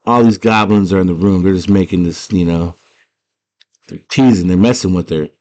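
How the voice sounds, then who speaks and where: A man with a deep, low voice recaps a favourite film in casual slang. He tells it as an animated storyteller, looping back with "she's like" and side comments. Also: moderate pace. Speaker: movie fan retelling a film.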